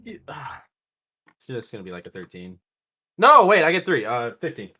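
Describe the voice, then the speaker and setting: A man's voice: medium pitch, wildly swooping pitch, moderate pace, sharp tone, slightly rough. A man playing at a tabletop game, chatting casually with blunt, profane remarks. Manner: blunt, swearing. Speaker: player.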